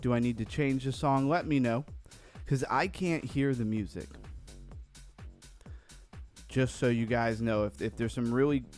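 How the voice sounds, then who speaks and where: Man, casual livestream host, upbeat, slightly winded, faint music behind, mid pitch. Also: a little slow, pauses often, darkish tone. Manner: upbeat, reads chat names aloud, rambling. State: a little out of breath after cardio. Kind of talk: casual live-stream chat.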